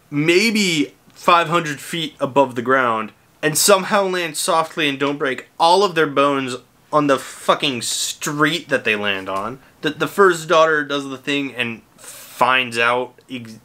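A man's voice: mid-range voice, bright, forceful tone. A man giving a casual, ranting movie review, exasperated and sarcastic, swearing freely. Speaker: film reviewer.

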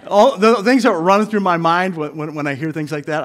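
A middle-aged man preaching a sermon in a church, telling funny stories with lively acted-out voices and laughter. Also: a little high, fairly quick. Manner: animated storyteller, laughs while telling, acts out voices. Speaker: pastor. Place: church sanctuary.

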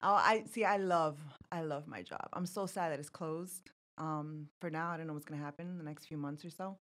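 A woman's voice: low voice, fairly quick, fairly bright tone. A woman in her thirties, a podcast guest telling stories in casual chat, laughing often.

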